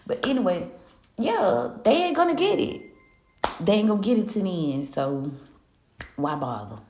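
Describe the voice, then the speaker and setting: A woman's voice: mid-range voice, big pitch swings, moderate pace, a little mellow, reverberant, a little hiss or hum. A woman hosting a live spiritual reading, ranting casually in a sassy, profane way and laughing often. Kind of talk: casual live-stream rant.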